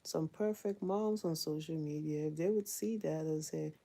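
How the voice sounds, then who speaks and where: Speaking at a moderate pace, this vlogging mom keeps things casual and chatty while doing chores, frequently bursting into laughter. She has a husky, dark, low-pitched voice with a gravelly edge.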